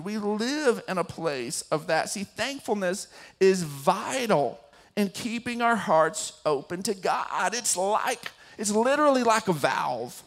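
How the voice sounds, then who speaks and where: An older man, a grandfather and pastor, telling a personal story in a sermon that builds into animated preaching. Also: high-pitched, slow. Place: church sanctuary.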